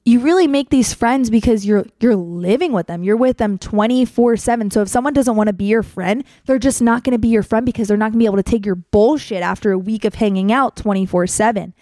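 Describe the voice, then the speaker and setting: This young podcast host rattles through a casual story at a quick clip with hardly any pauses, voicing the quotes herself and cursing openly. Her voice sits on the high side with a dark tone, and the studio recording is clean with no echo.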